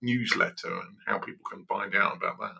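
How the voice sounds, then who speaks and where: Guy hosting a chat show, gravelly fry in his voice, bright tone. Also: on the low side, fairly even intonation, brisk. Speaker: podcast host. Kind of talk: casual interview chat.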